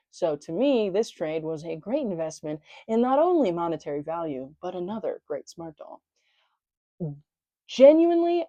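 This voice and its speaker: A woman's voice: fairly low pitch, warm tone, dry recording. A woman with a Southern US accent in a casual vlog, chatting animatedly about her doll collection, with playful slang and swearing. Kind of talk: casual chat showing a collection.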